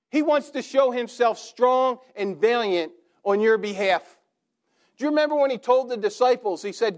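A man with a strikingly high voice delivers a sermon. He asks rhetorical questions and stacks up repeated phrases in a steady, rhythmic preaching cadence. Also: moderate pace.

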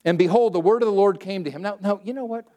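High-voiced animated man preaching. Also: fast, muffled recording. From Southern California. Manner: animated, conversational preaching with dramatized scripture quotes; plain, everyday wording. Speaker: pastor. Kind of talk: sermon.

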